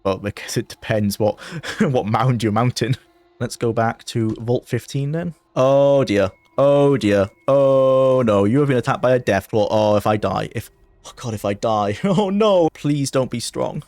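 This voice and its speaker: Male gaming commentator, mid-pitched, excitable and jumpy, laughs a lot, dry close sound. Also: moderate pace, no room sound. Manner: excitable, jumpy bursts of panic, frequent laughter. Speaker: gaming video creator. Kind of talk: let's play commentary.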